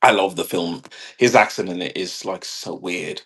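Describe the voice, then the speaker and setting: A man's voice: sits low, moderate pace, fairly bright tone, breathy edge. A man rambling casually in a monologue, swearing and laughing at his own jokes. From half British. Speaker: vlogger.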